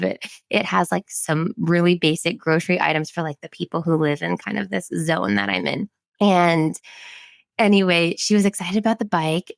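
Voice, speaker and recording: A woman hosting a podcast, chatting with enthusiasm and telling stories in an animated way. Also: fairly low pitch, creaky, no room sound. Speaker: podcast host. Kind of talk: casual interview chat.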